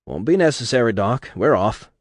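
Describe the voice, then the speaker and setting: A man's voice: medium pitch, expressive, moderate pace, no room sound, clean studio sound, lightly acted. A man voicing a plain-spoken, protective husband with a blunt, easygoing way of talking. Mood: firm.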